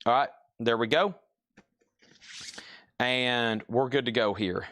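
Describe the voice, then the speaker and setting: A man with a Southern Tennessee accent hosting a live-stream record sale, calling out prices briskly with joking asides. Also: medium pitch, a bit bright, no room sound, clean studio sound.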